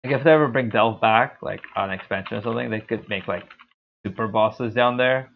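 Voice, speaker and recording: A man streams a game with a lowish, slightly quick, creaky voice, rambling casually and making fun of how he sounds. The audio is tinny and phone-like, with a faint hiss or hum underneath.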